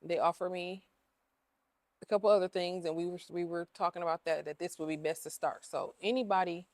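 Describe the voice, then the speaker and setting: A woman's voice: lowish voice, steady tone, fairly quick, a little mellow, no room sound. A woman who owns a cleaning business, talking openly in a casual interview, emotional and repeating herself with lots of fillers. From Ohio.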